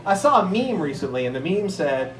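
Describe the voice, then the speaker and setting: A middle-aged man from Erie, Pennsylvania, telling stand-up stories and acting out the people in them with sudden jumps in pitch. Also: fairly quick, roomy sound, crowd noise, low-quality recording. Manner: animated, acts out characters with jumps in pitch. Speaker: stand-up comedian. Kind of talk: stand-up storytelling.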